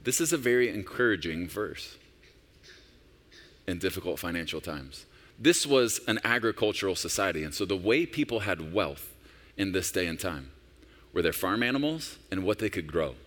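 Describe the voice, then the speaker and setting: A man's voice: low-pitched, lively intonation, moderate pace, a bit bright. A senior pastor in his forties preaching a sermon in a conversational, personal storytelling manner with emphatic rises. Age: 40s.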